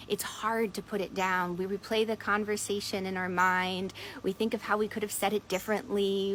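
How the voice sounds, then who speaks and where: A woman coach telling a parable and guiding listeners through a centering exercise at an unhurried storytelling pace. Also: medium pitch, a little hiss or hum, rough recording. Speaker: productivity and meditation coach. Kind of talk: storytelling talk on mindfulness.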